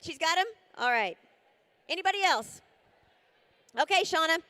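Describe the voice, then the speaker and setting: A woman runs a live charity auction in a very high voice. Her tone is bright and forceful. She coaxes the room playfully and chants bid amounts rapidly over and over. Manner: energetic, rapid bid-calling with repeated figures; coaxing and playful with the crowd.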